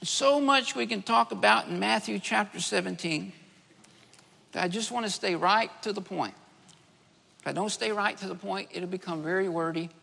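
A man's voice: high voice, moderate pace, gravelly, bright, forceful tone. A man preaching a sermon, emphatic, repeating key phrases for stress. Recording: long hall reverb.

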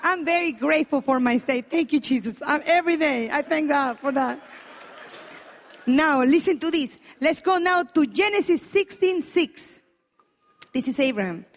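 Woman preacher, high voice, emphatic sermon, lots of questions to the crowd, big echoey church hall. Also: normal speed. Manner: emphatic, animated, exclaiming and questioning the congregation.

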